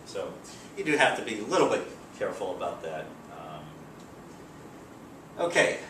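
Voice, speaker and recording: A man teaching a grammar lesson in a relaxed, explanatory way with frequent fillers, recorded from a distance. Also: deep voice, a little slow. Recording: roomy, distant mic, faint background hiss.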